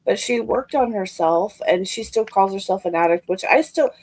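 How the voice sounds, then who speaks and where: A woman's voice: mid-range voice, normal speed, a little mellow, no room sound, rough recording. A woman hosting a live stream, chatting casually and bluntly, swearing freely. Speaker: stream host. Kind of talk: casual chat.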